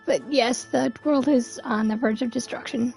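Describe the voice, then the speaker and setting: A woman chatting through a game playthrough as a streamer, reacting loudly and with excitement to what happens on screen. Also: fairly high pitch, moderate pace, creaky, soft background music. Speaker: gaming streamer.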